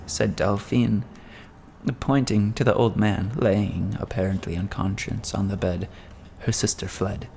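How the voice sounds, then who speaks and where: A man narrating a classic novel as an audiobook in a measured, dramatic storytelling manner. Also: on the low side, steady tone, vocal fry, mellow, slight background noise.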